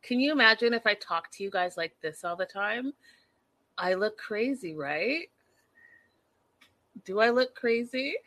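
A woman's voice: mid-range voice, expressive, measured pace, pauses often, pushed and bright, no room sound. A woman recapping reality TV in a casual, gossipy chat, talking straight to her viewers and laughing often.

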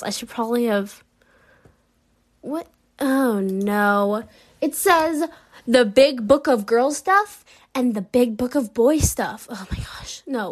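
Slow, incredulous young woman vlogging. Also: fairly high pitch. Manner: rambling, incredulous, laughs often, many fillers. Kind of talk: casual unscripted commentary.

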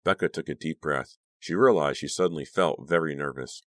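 A man reading a novel aloud as an audiobook narrator, in a steady, measured manner. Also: rumbling low, no echo, clean studio sound. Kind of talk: scripted narration.

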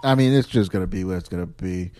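A man's voice: low-pitched, fast, heavy background noise. A man hosting a casual home podcast, telling a story with lots of laughter and playful voices. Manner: laughing storyteller, mimics his wife. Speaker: podcast host. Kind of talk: casual chat.

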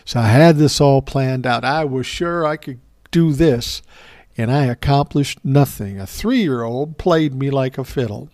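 A man's voice: mid-range voice, a little slow, darkish tone. An older man with a mid-range voice telling stories on his show in a loose, casual way. He is wry and self-mocking and swears freely. The sound is dry and close, with no room echo. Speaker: host. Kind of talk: casual storytelling monologue.

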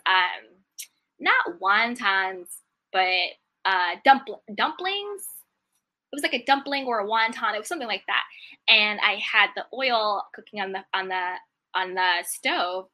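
A woman's voice: mid-range voice, sharp tone. A woman hosting a self-help video, talking earnestly about gratitude and mindset in a casual monologue, repeating affirmations and briefly mimicking complainers. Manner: earnest, repetitive affirmations, acts out complaining voices.

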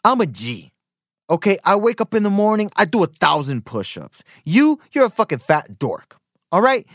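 A man imitating a brash, boastful rich man who brags and insults his listeners loudly. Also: high-pitched, wildly swooping pitch, moderate pace, no room sound, clean studio sound, pitched above the performer's own voice, full character voice. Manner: loud swaggering bragging, insulting.

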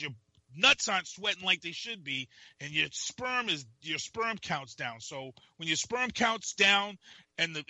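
Bright-voiced ranting man. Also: high voice, dry recording. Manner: ranting, profane, quick to laugh. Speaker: podcast co-host. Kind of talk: casual radio chat.

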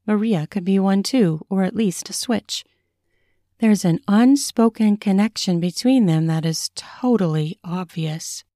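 A woman author narrating an excerpt of her erotic fiction in a measured, sensual reading. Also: mid-range voice, mellow, no echo, studio quality. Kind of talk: audiobook reading.

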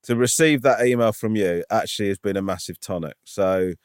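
A man's voice: lowish voice, brisk, smooth, no echo, studio quality. A man co-hosting a podcast, reading a listener's email and chatting in a sincere, self-deprecating way. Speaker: podcast co-host.

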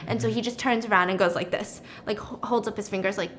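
A young woman casually retelling a story while cooking, chatty and animated, with lots of filler words. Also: mid-range voice, quick pace, a little hiss or hum. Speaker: storytelling vlogger.

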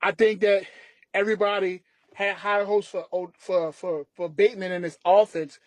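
A man's voice: sits high, steady tone, normal speed, no echo. A man co-hosting a sports podcast, ranting emphatically in casual talk. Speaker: podcast co-host.

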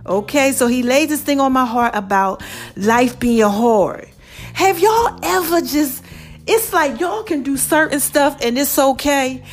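Hosting her own online show, a woman gives a casual motivational talk, warmly calling viewers "baby" and "y'all" and preaching by repeating phrases for emphasis. Her high, animated voice moves a little slowly over faint background music.

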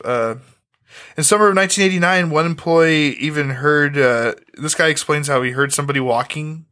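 A man's voice: on the high side, fairly quick, sharp tone. A man co-hosting a casual podcast, recapping an old TV episode in a laid-back, joking way with profane asides. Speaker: podcast co-host.

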